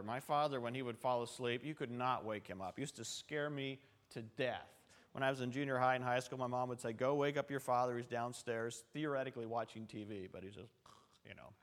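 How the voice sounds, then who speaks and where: Chatty pastor with a higher voice. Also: male voice, a bit bright. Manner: chatty and storytelling, with asides to the congregation. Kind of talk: conversational sermon. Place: church sanctuary.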